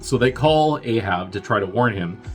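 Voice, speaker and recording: A man's voice: lively intonation, normal speed, faint music behind. A man casually recapping a film's plot in a rambling way, acting out the characters' lines in bursts. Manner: rambling, acts out characters' lines with jumps in pitch. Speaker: podcast host reviewing a film.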